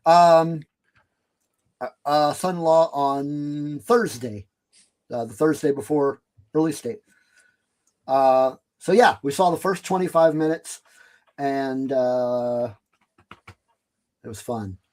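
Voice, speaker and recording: A man's voice: fairly high pitch, takes it slowly, long pauses, darkish tone. A middle-aged man co-hosting a podcast, speaking hesitantly with lots of fillers in casual chat. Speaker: podcast co-host.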